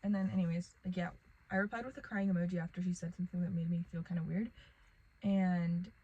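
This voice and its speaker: A woman's voice: on the low side, fairly even intonation, fast talker, warm tone, slightly rough, dull audio. A young woman telling a rambling casual storytime vlog to the camera, packed with "like" and fillers. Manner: rambling, filler-heavy, lots of "like".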